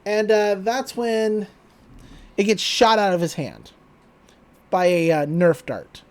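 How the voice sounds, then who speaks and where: A man's voice: high voice, takes it slowly, clean tone. A man co-hosting a podcast, casually recapping a cartoon episode and retelling scenes with a lot of energy. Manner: animated retelling, quotes characters in put-on voices, laughs often. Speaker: podcast co-host.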